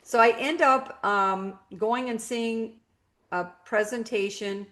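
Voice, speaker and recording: A middle-aged woman gives a personal testimony in an animated, storytelling way. She acts out her own past outbursts as she tells it. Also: a little high, takes it slowly. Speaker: guest telling her story.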